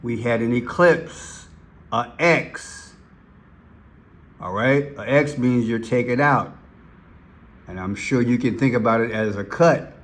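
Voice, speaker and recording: A commentary channel host talks slowly and deliberately over clips he plays, his voice in a middle pitch range. He is emphatic, leaning hard on single key words and repeating them.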